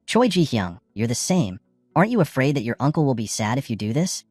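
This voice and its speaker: Man as a firm young hero, threatening tone, animated pitch, dry recording. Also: a little fast, no echo, faint music behind. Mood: stern.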